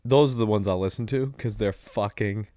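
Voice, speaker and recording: A man's voice: fairly low pitch, normal speed, dark tone, no room sound, studio quality. A man chatting as a podcast guest, brash and profane, joking about his life. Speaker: guest, social media comedian. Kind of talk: casual podcast chat. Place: office studio.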